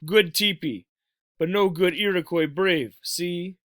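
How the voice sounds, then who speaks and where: Guy reading as a tiny stern warrior dude, gruff clipped words, loud and a bit high, dry sound. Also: slow pace, no echo. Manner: gruff, broken clipped phrases. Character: tiny stern proud warrior man, terse clipped speech. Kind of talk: read-aloud storybook voice.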